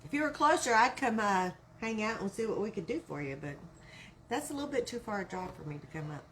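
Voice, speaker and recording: A woman's voice: medium pitch, expressive, quick pace, fairly bright tone, a little hiss or hum. A woman with a Texan accent hosting a live craft tutorial, chatting and greeting viewers by name as she works. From Texas. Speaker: craft live-stream host.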